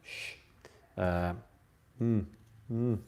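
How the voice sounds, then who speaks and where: A man's voice: on the low side, steady tone, extremely slow, a little mellow. A man hosting a casual online pub quiz from home, chatty and self-mocking, with jokey asides between questions.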